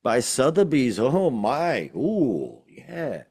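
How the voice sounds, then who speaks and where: A man's voice: mid-range voice, huge pitch swings, very slow, a little mellow, slightly rough, no echo, studio quality. An older man co-hosting a casual podcast, rambling and joking with lots of fillers and exclamations. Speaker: podcast co-host. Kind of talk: casual chat.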